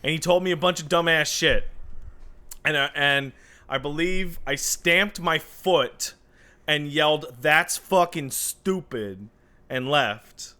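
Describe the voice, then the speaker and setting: A man's voice: on the high side, a little slow, bright, forceful tone, smooth. A man co-hosting a podcast in casual chat, making wry, joking asides. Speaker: podcast co-host.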